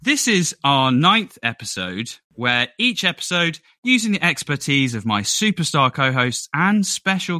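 Playful male podcast host, bright lively voice, dry close sound. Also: mid-range voice, no echo. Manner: playful, jokey, puts on silly voices. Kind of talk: casual chat.

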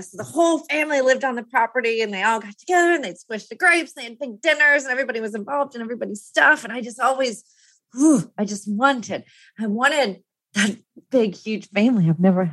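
A woman's voice: fairly high pitch, expressive, fairly quick, sharp tone, no echo. A woman in her fifties talking through a personal topic in a candid monologue. She rambles, laughs often and trails off to restart her thoughts.

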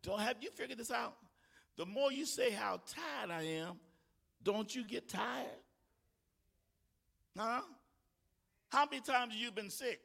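A male pastor preaching a sermon with call-and-response, building from easy talk to shouted exhortation and mimicking whiny voices along the way. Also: high voice, gravelly. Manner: mimics tired whining voices in asides. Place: church sanctuary. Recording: long hall reverb.

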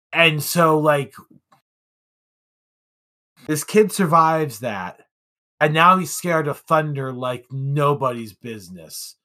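Bright-toned animated male podcaster. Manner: animated, restarts a lot, pitch jumps for emphasis. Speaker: podcast co-host. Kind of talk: casual film discussion.

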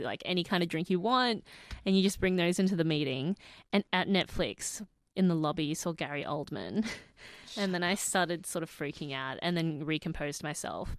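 A young Australian woman chats as a podcast guest, her voice sitting low yet swinging widely in pitch as she spins her stories. She laughs easily, and the sound is close and dry. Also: no echo. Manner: animated storyteller, laughs often. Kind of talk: casual chat.

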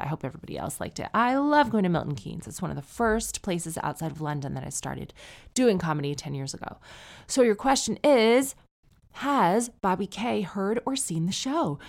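A woman's voice: sits low, gravelly. A woman in her forties hosting a podcast, chatting casually and wryly as she reads out listener emails. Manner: chatty, wry, teasing. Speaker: podcast host and comedian.

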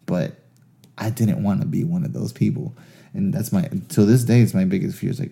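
A man's voice: sits low, fairly quick, gravelly. A man telling a long casual story, swearing freely and laughing as he goes. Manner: animated, profane, laughs through his stories.

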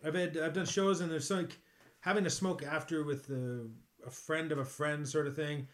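A man's voice: fairly high pitch, steady tone, moderate pace. A man, a comedian, telling stories in casual podcast chat, swearing freely with laughing asides. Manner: profane, storytelling, laughing asides.

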